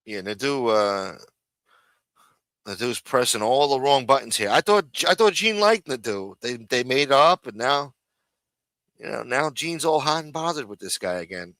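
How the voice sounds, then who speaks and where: Bright-voiced swearing male stream host. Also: medium pitch, animated, normal speed, no room sound. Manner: rambling, swears often, repeats himself. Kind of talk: profane casual commentary on clips.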